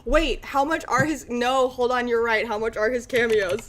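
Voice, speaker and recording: A woman's voice: a little high, steady tone, moderate pace, a bit bright, slight background noise. A woman chatting casually with her stream viewers and breaking into frequent laughing fits. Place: room lit by natural light.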